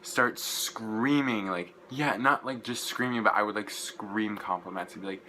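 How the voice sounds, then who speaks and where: A young man, gushing and rambling through an excited casual vlog recap, full of "like" fillers. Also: lowish voice, moderate pace, few pauses, slight background noise, low-quality recording. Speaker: vlogger.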